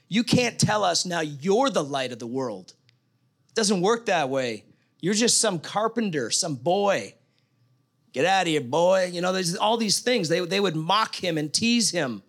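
Man, preacher, high-pitched, sermon, conversational, emphatic. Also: expressive, normal speed, fairly bright tone. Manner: conversational, emphatic, reads scripture aloud.

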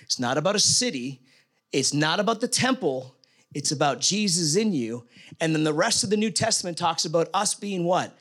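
A man's voice: fairly high pitch, lively intonation, normal speed, a bit bright. A man preaching a sermon, reading scripture aloud in a conversational, emphatic way.

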